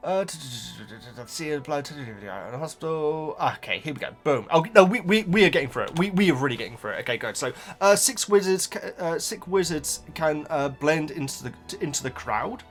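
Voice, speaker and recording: A man's voice: fairly high pitch, animated, fairly quick, hardly any pauses, soft background music. A man hosting a book reaction video, chatting casually to viewers in a rambling way with frequent stammered repeats and asides.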